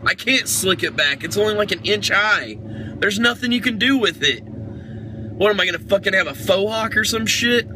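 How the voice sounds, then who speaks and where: A man vlogging a comedic meltdown, cursing constantly and swinging between shouting and sobbing. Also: high voice, animated, normal speed. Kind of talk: comedic rant vlog. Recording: loud background noise.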